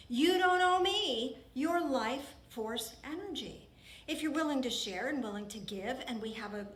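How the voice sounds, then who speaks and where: A woman's voice: high-pitched, fairly bright tone. A woman minister giving an earnest, emphatic sermon in a church, often repeating her phrases for weight. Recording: roomy church hall with faint ambience.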